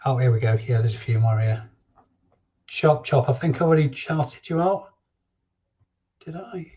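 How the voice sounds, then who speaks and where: Jokey stream host reading chat names, mellow voice, slightly muffled home recording. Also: male voice, mid-range voice, lively intonation, normal speed. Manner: chatty and jokey, reading viewer names aloud. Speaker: reseller livestream host. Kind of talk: casual live-stream chat.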